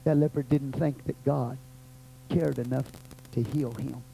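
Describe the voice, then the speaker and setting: A pastor with a Texan accent preaching a sermon, rising to loud cries and dropping to quiet murmurs. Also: male voice, steady tone, measured pace, vocal fry, a little hiss or hum, low-quality recording. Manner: fervent, swings from loud cries to low murmurs. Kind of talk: sermon with prayer.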